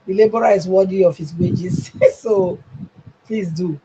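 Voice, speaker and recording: A woman's voice: mid-range voice, very animated, a little slow, gravelly, dull audio, a little hiss or hum. A middle-aged Nigerian woman speaking as a panelist on a live stream, emphatic and growing heated, with bursts of laughter. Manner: emphatic, rising to near-shouting, with laughs. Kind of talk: impassioned call-in commentary.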